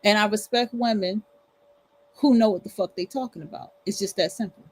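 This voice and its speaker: A woman's voice: medium pitch, brisk, darkish tone, rough recording. A woman hosting a livestream, ranting bluntly and profanely in casual commentary, with features. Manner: blunt, profane, emphatic repetition. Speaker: livestream host.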